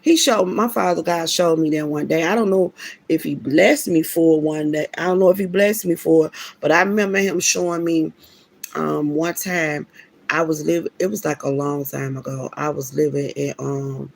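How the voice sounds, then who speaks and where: A woman's voice: low-pitched, steady tone, normal speed, creaky. A woman telling a personal story in a casual, preachy way, emphatic and slangy, often restarting her sentences. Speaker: vlogger.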